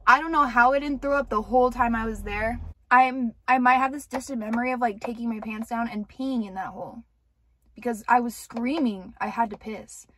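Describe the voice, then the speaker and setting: A woman's voice: fairly high pitch, a little fast, pushed and bright. A young woman candidly rambling through a personal storytime, with lots of filler words and cursing. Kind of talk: casual storytime monologue.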